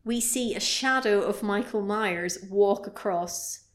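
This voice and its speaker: Speaking slowly at a medium pitch in a roomy-sounding space, a podcast co-host recounts a horror movie. She keeps it casual and animated and adds playful sound effects.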